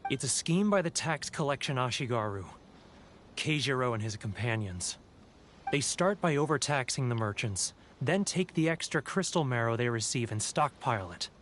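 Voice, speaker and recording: An actor playing a timid, guilt-ridden merchant in a video game, emotional, sighing and confessional. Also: male voice, medium pitch, animated, moderate pace, fairly bright tone, slight background noise, close to an everyday voice. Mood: confessing. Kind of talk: game voice acting. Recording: game audio with faint background music.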